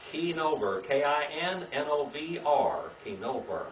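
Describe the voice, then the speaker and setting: A man's voice: on the high side, lively intonation, a little slow, background noise. Man teaching a class in an echoey room. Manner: spells out words letter by letter, asks the class to repeat. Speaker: Bible teacher. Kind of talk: classroom Bible lesson. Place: classroom or church meeting room. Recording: echoey room, distant mic, dull lo-fi.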